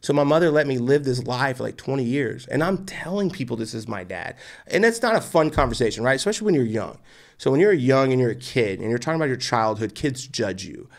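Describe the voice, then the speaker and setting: A man's voice: medium pitch, expressive, quick pace, creaky. A man in his forties from near Austin, Texas, telling his life story as a guest in an interview, intense and emphatic, often adding "right?". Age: 40s. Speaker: guest entrepreneur.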